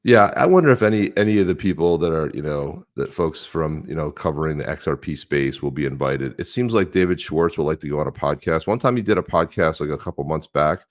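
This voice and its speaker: A man's voice: very deep voice, expressive, brisk, hardly any pauses. A man co-hosting a casual crypto podcast, joking and sarcastic as he reads posts aloud. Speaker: podcast co-host. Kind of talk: casual chat.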